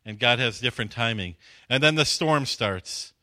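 Preaching a testimony with a dry throat, a man tells a story and acts out the dialogue, letting his voice swing between characters. He speaks at a moderate pace in a medium-pitched, sharp-toned voice with lively intonation.

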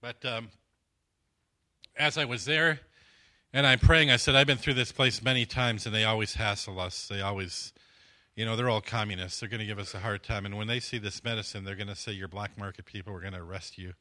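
Bright-voiced man preaching a testimony. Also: fairly low pitch, steady tone, a little fast. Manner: storytelling, acts out dialogue with voice swings. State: dry throat. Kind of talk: sermon testimony.

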